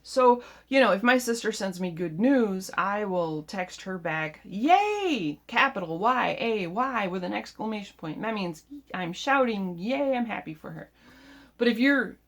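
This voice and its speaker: A woman's voice: mid-range voice, expressive, unhurried, fairly bright tone. A woman vlogger talking casually and at length, rambling and frustrated, often stopping to restart her sentences. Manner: rambling, frustrated, self-interrupting. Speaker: keto vlogger. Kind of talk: casual vlog monologue.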